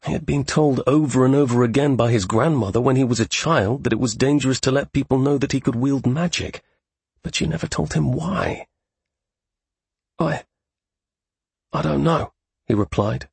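A man narrating an audiobook story in steady scripted narration. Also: medium pitch, fairly quick, vocal fry, husky, dry recording.

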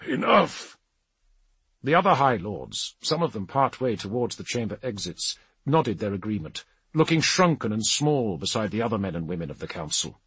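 A man narrating a science fiction audiobook in a dramatic, expressive reading. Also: fairly low pitch, fairly quick, slightly rough, no echo. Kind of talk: scripted narration.

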